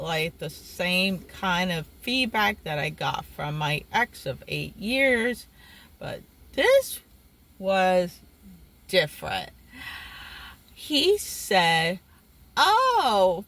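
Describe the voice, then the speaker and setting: A young woman telling a personal story in a casual vlog, animated and exasperated, with sudden jumps in pitch. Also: very slow, poor audio. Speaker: vlogger.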